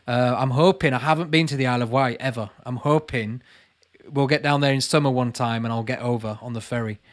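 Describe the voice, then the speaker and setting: A channel host in his late thirties, with a Lancashire accent, answers live chat casually, reading comments out and calling viewers mate. He talks a little fast, in a medium pitch with fairly even intonation.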